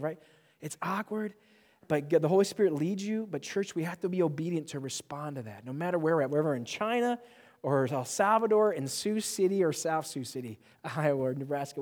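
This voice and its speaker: A young man preaching a sermon, animated and joking, with self-mocking asides. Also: a little high, in a large hall. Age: young adult. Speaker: pastor.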